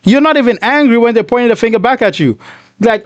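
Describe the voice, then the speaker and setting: A man with a notably high speaking voice gives casual reaction commentary. He talks emphatically and with indignation, peppering his lines with "bro". The recording is close and dry, with no room sound. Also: animated, quick pace, no echo, lo-fi sound. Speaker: reaction video host.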